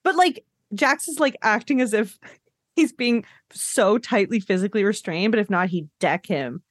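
A woman's voice: mid-range voice, animated, normal speed, no room sound, clean studio sound. A woman co-hosting a podcast, making wry jokes in casual recap chat. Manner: wry, joking, laughs along. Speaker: podcast co-host.

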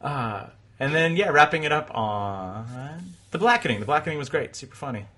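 A man's voice: a little high, lively intonation, normal speed, sharp tone. A man hosting a podcast, chatting casually about movies in a rambling way, full of fillers and laughs. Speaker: podcast host.

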